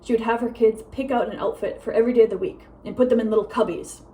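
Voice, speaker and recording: Fast-talking young woman rambling at home. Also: on the high side, fairly even intonation, dark tone, rough recording. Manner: fast talker, rambling with many fillers. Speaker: vlogger. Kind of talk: casual rambling vlog. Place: home with a meowing cat.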